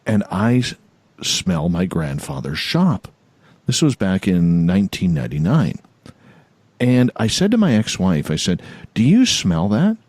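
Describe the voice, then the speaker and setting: A man in his forties hosts a radio talk show in a low voice that swings widely in pitch. He tells stories with animated repetition, recorded dry and close with no room echo. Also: unhurried, slightly rough. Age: 40s. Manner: animated storyteller, repeats phrases. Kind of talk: casual storytelling chat.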